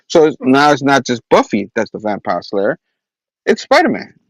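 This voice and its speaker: A man's voice: mid-range voice, huge pitch swings, normal speed, no echo, low-quality recording. A man hosting a casual comic book review, rambling and chatty. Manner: rambling, laughs often. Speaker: host.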